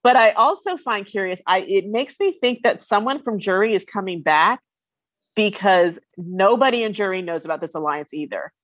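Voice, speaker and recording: A woman's voice: mid-range voice, animated, normal speed, fairly bright tone, no room sound. A woman chatting on a podcast panel, restarting her sentences as she searches for words. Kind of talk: casual podcast chat.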